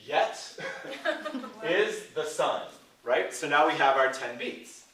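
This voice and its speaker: A man's voice: fairly high pitch, a little slow, fairly bright tone, distant mic. Playful male teacher in an echoey room. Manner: playful, ends phrases with 'right?'. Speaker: Shakespeare workshop teacher. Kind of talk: classroom teaching.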